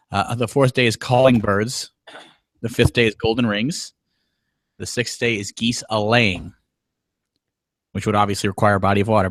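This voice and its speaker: A man's voice: lowish voice, fairly bright tone, dry recording. A man co-hosting a casual podcast, rambling and self-deprecating with lots of fillers. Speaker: podcast co-host.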